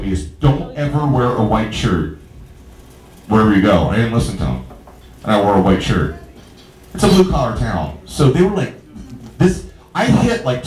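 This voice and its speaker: Rambling male stand-up comic in a bar. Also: mid-range voice. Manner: rambling, stammering storytelling with crowd asides. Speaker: stand-up comedian. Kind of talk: stand-up comedy set. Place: small bar stage. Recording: echoey bar room.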